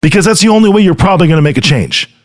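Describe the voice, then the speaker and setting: A man's voice: sits high, lively intonation, very fast. A middle-aged man hosting a podcast, giving an earnest motivational talk straight to the listener and often checking in with "right?". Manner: earnest, direct address with frequent "right?". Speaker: podcast host. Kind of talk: motivational monologue.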